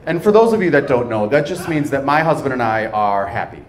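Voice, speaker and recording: A man doing a live stand-up comedy set on a club stage, with a playful, animated delivery and pauses for laughs. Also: mid-range voice. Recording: noisy live club recording.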